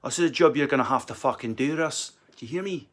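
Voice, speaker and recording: A man's voice: mid-range voice, fast, a bit bright, close to an everyday voice. A man putting on a Glaswegian accent to play a pushy, swearing male acting agent. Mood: bossy. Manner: blunt, domineering, sweary.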